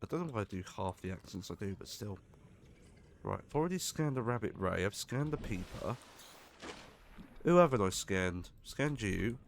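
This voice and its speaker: Guy talking over his game, lowish voice, bit of hiss behind, jokes around. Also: lively intonation, normal speed, vocal fry. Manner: chatty, jokey, swears when startled. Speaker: gaming streamer. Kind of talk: casual gameplay commentary.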